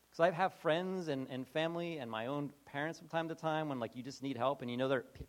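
An animated man preaching in a loose, conversational way. His voice sits a touch higher than most men's, and he often slips into short acted-out voices and trips over restarts. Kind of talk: sermon.

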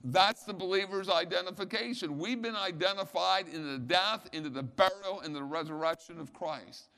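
A man's voice: high voice, moderate pace, gravelly. Fervent preacher man in a reverberant hall. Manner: emphatic Bible teaching with rhetorical questions, rising to loud peaks. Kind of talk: sermon.

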